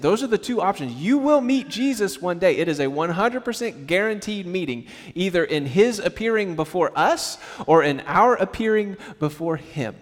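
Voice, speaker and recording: A man preaching a sermon to his congregation in a conversational, animated way, acting out little quotes as he goes. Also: high-pitched, moderate pace, few pauses. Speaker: pastor. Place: church sanctuary. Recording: church hall with long reverb.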